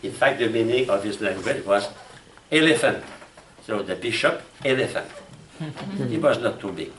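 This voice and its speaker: Man, French accent, classroom lecture, halting with restarts, echoey room, distant mic, faint hiss. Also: lowish voice. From France. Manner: halting, frequent fillers and restarts, asks "huh?" and "you know?". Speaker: logic instructor.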